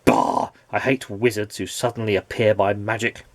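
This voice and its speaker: A sour, scornful grump who hates everything and grumbles about it all, huskily, from a children's storybook, as a man reads him aloud. His voice swings widely from low growls to higher complaints, in a dry, close sound. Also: big pitch swings, normal speed, gravelly, dry recording, full character voice. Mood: grumbling.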